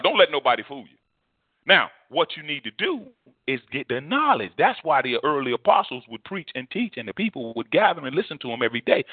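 A man's voice: fairly high pitch, no room sound. A male preacher delivering a fervent sermon, repeating phrases for emphasis. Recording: tinny phone-like dry sound.

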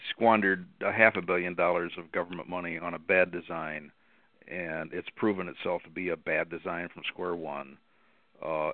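A man's voice: low voice, no room sound. A man calling in to a talk show, ranting indignantly about wasted government money. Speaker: regular caller. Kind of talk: call-in commentary. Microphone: phone. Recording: tinny phone line.

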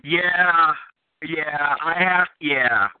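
A man's voice: on the high side, very slow, clean tone, dry recording. A man as a podcast guest, chatting enthusiastically and rambling with restarts. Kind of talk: casual chat. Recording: phone-like narrow sound, dry.

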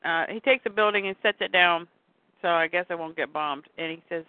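A woman's voice: fairly low pitch, fairly quick, dry recording. Woman recapping a comic over a tinny line. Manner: reads comic dialogue aloud with light character voices. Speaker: podcast co-host. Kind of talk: casual comic-book discussion. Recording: tinny phone-like line, dry.

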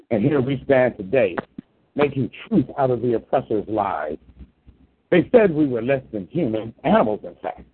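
Male poet, husky voice, solemn sermon-like recital, lo-fi phone-like sound. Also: mid-range voice. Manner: solemn preaching cadence. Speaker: poet at a reading. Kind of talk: poetry reading.

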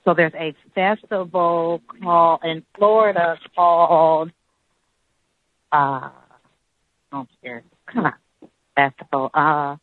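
Middle-aged lady on a phone call, lowish voice, chatty and halting, lots of ums, tinny dry line. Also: fairly even intonation, dry recording. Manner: chatty, halting storytelling with many fillers. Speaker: caller. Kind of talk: call-in story.

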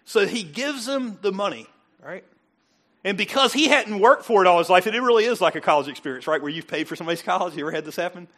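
Chatty and full of joking asides, this middle-aged pastor delivers a conversational sermon, playing out the voices he quotes. He's a fast talker with a high, fairly bright voice and lively intonation.

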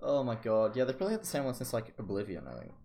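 A man's voice: medium pitch, wildly swooping pitch, racing, dark tone, slight background noise. A young man co-hosting a casual podcast, joking and laughing often, overheated in a room with no air conditioning. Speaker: podcast co-host. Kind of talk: casual chat.

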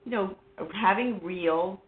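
A woman guest talking casually and haltingly about her life, with many fillers and restarts. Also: mid-range voice. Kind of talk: casual personal conversation. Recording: phone-like line with faint noise.

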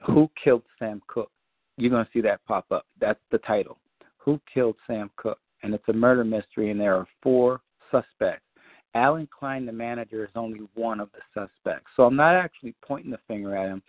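A man on a community call, telling a long story in a loose, profane way and acting out scenes with high-pitched quotes. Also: fairly quick, dry recording. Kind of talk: animated storytelling chat. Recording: dry, phone-like line.

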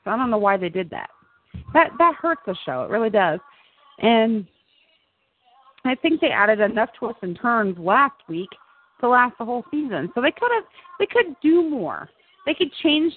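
A woman hosting a show, chatting casually, laughing often and repeating words as she goes. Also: a little high. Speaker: show host. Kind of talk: casual chat about TV. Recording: tinny phone-like line, dry.

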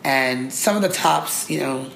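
A woman comedian chatting in a candid, rambling way, with a gravelly rasp in her voice. The room is echoey, and a faint background ambience hums underneath. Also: a bass voice, animated, unhurried, fairly bright tone. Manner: candid, rambling, laughs often. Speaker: stand-up comedian, guest. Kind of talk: casual chat. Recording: roomy with faint ambient noise.

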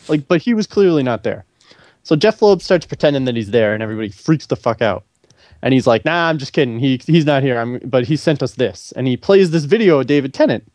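A man co-hosting a podcast, telling a long story in casual chat, animated and swearing freely as he acts out what others said. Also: mid-range voice, no room sound. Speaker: podcast co-host.

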